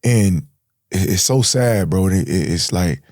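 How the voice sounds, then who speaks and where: A man's voice: low-pitched, lively intonation, moderate pace, darkish tone, dry recording, clean studio sound. Slangy man telling a raw story. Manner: slangy, street talk, says bro and man a lot. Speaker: podcast guest. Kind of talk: emotional storytelling.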